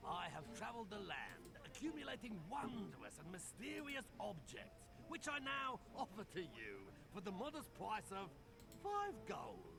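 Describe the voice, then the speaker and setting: An actor playing a showy old traveling merchant who hawks trinkets with a grand, theatrical sales pitch. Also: male voice, huge pitch swings, a little slow, vocal fry, heavily acted. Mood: grandly theatrical. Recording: game audio with music behind.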